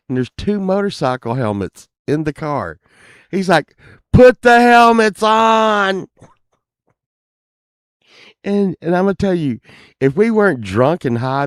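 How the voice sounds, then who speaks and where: A middle-aged man, telling a casual anecdote and loudly acting out the people in it. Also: medium pitch, dry recording, studio quality. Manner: animated, acts out quoted lines loudly, laughs while telling. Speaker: storyteller.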